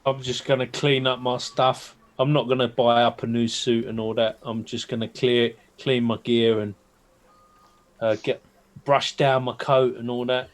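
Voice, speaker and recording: Male player, matter-of-fact, monotone delivery. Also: mid-range voice, measured pace. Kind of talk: casual tabletop play.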